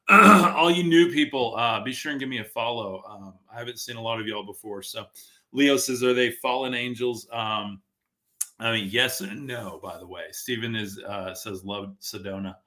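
A man's voice: mid-range voice, moderate pace, pushed and bright. A man hosting a casual live stream, rambling and reading viewer comments aloud, his voice worn from talking all day. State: losing his voice. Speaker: podcast host reading live chat. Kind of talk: casual livestream talk. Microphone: streaming from a tablet.

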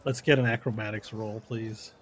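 A man's voice: on the low side, fairly even intonation, normal speed, breathy edge. A man narrating a tabletop game as game master, laid-back and often laughing.

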